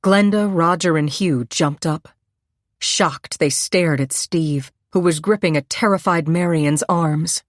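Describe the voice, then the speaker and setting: A woman narrating a suspense novel in a measured, steady storytelling voice on a close microphone. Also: sits low, no echo. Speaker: audiobook narrator. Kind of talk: scripted narration.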